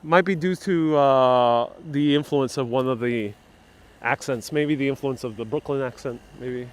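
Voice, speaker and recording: A man from New York City speaks a little slowly in a mid-range voice as he runs a casual outdoor live-stream tour of the city streets. He banters playfully with viewers, answering their comments through a wireless clip-on mic.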